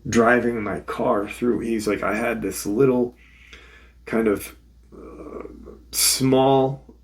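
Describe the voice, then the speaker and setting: A paranormal podcast host casually retells a witness's encounter in first person on his channel, swearing freely and repeating "he said" again and again. His voice is mid-range.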